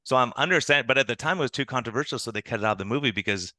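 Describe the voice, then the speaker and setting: A man, an internal medicine doctor, telling animated stories as a podcast guest and acting out the people he quotes. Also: mid-range voice, rapid-fire, no echo. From United States. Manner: animated storytelling with quoted dialogue. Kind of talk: conversational interview.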